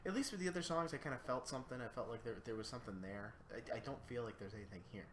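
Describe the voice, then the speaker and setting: A man's voice: medium pitch, very fast, fairly bright tone. Sleepy man musing on a livestream. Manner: thinking aloud, musing. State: sleepy, yawning. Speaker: streamer composing music. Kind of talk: casual livestream chat. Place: apartment. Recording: echoey room, faint background noise.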